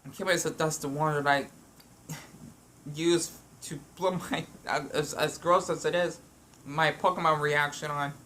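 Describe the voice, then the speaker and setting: A woman talks while she eats at home, wandering from thought to thought and often restarting her sentences. Her voice sits fairly low but has a bright, sharp edge. The delivery is loose and casual, as if chatting to a friend. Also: steady tone, unhurried, a little hiss or hum. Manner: meandering, with frequent restarts and fillers. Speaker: vlogger. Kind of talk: rambling eating vlog.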